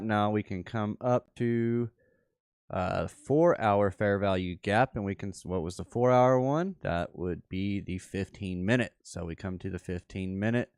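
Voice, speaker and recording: Guy walking thru charts on a stream, low voice, talks real slow, lots of restarts. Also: darkish tone, clear, resonant tone, dry recording, clean studio sound. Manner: unhurried, thinks aloud, restarts and self-corrects. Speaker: trading workshop host. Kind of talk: livestream chart walkthrough.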